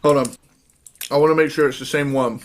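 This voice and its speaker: A man's voice: a little high, steady tone, brisk. A man co-hosting a casual podcast chat from a home recording room, jokey and sweary, with lots of fillers and laughter. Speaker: podcast co-host.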